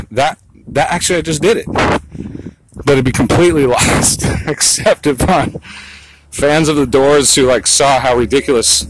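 A man's voice: medium pitch, normal speed, background noise. A man talking to his phone while walking outdoors, rambling and crude, muttering asides to himself. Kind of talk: rambling monologue vlog.

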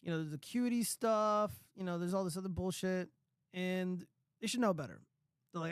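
A man in his thirties hosts a casual commentary show in a notably high voice. He rambles, swears and fills gaps with ums and uhs. The sound is dry and close, with no room echo. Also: moderate pace, clear, resonant tone. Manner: rambling and profane, many fillers. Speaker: show host.

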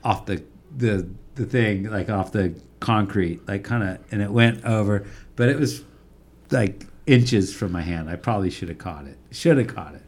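A man's voice: on the low side, normal speed, darkish tone. A man co-hosting a podcast, telling rambling, self-deprecating stories in casual sports chat. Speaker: podcast co-host.

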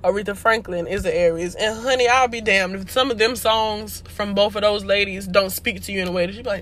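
A woman's voice: mid-range voice, fairly quick, fairly bright tone. A young woman hosting a podcast, talking in a chatty, slangy way with frequent laughter. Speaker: podcast host. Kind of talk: casual chat.

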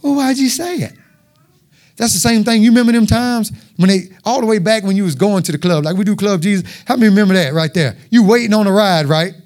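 A man preaching a folksy, animated sermon in church, talking straight to the congregation and acting out voices and sounds. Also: high voice, fast, few pauses.

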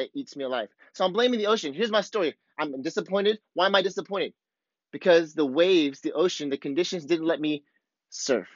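A man's voice: on the high side, dry recording. A man coaching surfers, talking candidly and bluntly to camera, swearing freely as he walks through his own feelings. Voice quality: blunt, profane and self-revealing. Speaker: surf coach. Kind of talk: candid motivational talk to camera. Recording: dull, slightly lo-fi dry recording.

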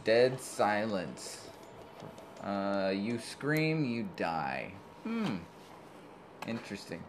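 A man's voice: on the low side, very animated, drawn-out words, faint music behind. A man co-hosting a podcast in casual chat, often laughing and reading movie blurbs aloud. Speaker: podcast co-host.

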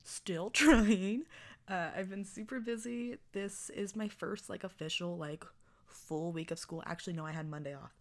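A woman's voice: mid-range voice, normal speed. Chatty young woman podcast host. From Texas. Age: 20s. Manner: rambling, self-mocking, laughs often. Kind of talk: casual podcast chat.

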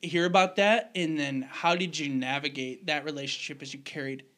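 A man hosting a casual conversation, asking curious, gentle questions. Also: on the high side, fairly even intonation, moderate pace. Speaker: podcast host. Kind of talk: casual chat.

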